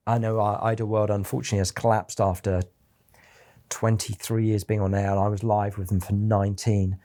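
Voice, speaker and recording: A brisk, lowish, dark-toned voice belongs to a middle-aged company founder from England. His tone stays level as he chats through interview anecdotes, voicing the quoted speakers himself.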